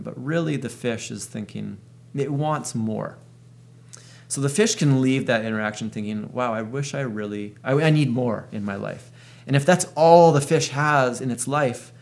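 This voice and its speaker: A man's voice: mid-range voice, creaky. A man in his thirties thinking aloud in a reflective monologue, working through an analogy as he goes. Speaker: video host.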